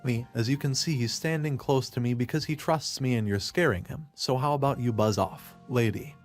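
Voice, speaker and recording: A man narrating a first-person story in a plain, steady way. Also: medium pitch, moderate pace, soft background music.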